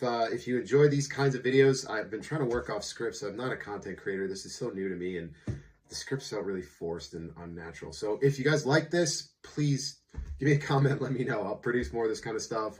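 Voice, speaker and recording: A man's voice: lowish voice, distant mic. A man in his thirties, a divorce coach, talking to camera in a candid, informal way with blunt slang. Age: 30s. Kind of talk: unscripted casual talk to camera.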